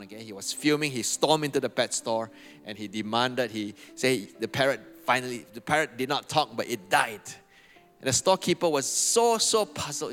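A man's voice: mid-range voice, fairly bright tone, big-room sound. A man preaching a sermon in a conversational way, telling a joke and often checking in with "okay" and "right". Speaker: pastor.

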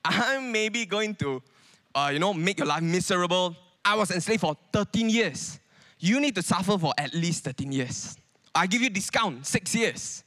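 A man's voice: high-pitched, animated, moderate pace, sharp tone. A man voicing a resentful biblical man who sarcastically taunts his brothers. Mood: mocking. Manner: mocking, sarcastic.

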